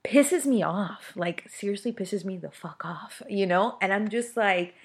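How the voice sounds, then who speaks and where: A woman's voice: medium pitch, lively intonation, measured pace, few pauses, husky. A woman in her thirties hosting a casual solo podcast, venting in a heated way with many fillers and restarts. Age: 30s. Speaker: podcast host.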